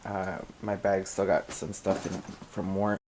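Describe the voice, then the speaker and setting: Give me a teary young man, talking slowly and softly at home late at night, with a faint hum behind him. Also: sits low, little pitch movement, rough recording. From Hawaii. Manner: rambling, soft, with many fillers and nervous laughs. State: emotional, teary. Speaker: vlogger. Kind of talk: casual late-night vlog talk.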